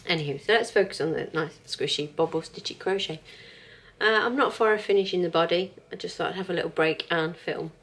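A chatty woman in her thirties talks at home in a relaxed, rambling vlog. Her voice sits a little low, and she laughs easily between thoughts. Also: fairly quick. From England. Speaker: vlogger.

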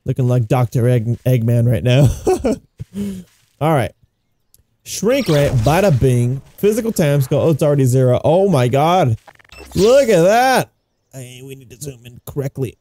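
Male gaming commentator, excitable and giggly, mellow voice, wide pitch swings. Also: a little slow. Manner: excitable, giggly, exclaims often. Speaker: gaming YouTuber. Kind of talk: casual gameplay commentary.

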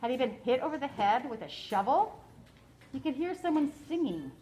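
A woman teacher reading a novel aloud to her class in a classroom, in a steady, clear storytelling way. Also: high-pitched, normal speed, a little hiss or hum, low-quality recording.

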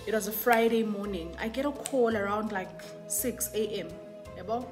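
A woman's voice: medium pitch, moderate pace, music in the background. A young South African woman telling a casual storytime, chatty and switching between English and isiZulu. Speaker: YouTuber.

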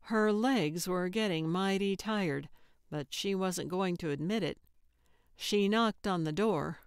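A woman narrating a cozy mystery audiobook in a measured, deadpan way. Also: on the low side, smooth, no room sound, studio quality. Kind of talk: scripted narration.

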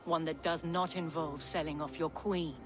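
An actress playing a proud, dignified goddess in a video game, speaking firmly. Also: female voice, low-pitched, fairly even intonation, moderate pace, over music, close to an everyday voice. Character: proud regal female goddess.

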